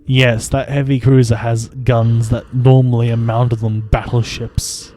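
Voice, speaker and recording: Slow, mellow-voiced game streamer. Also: male voice, mid-range voice, little pitch movement, soft background music. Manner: wry, amused, chuckles often. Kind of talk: casual gameplay commentary.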